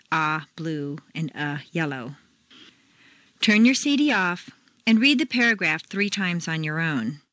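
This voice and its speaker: A woman reading scripted pronunciation lessons, modeling sounds clearly and deliberately. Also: medium pitch, fairly bright tone, no echo. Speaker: pronunciation teacher. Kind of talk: scripted instructional narration.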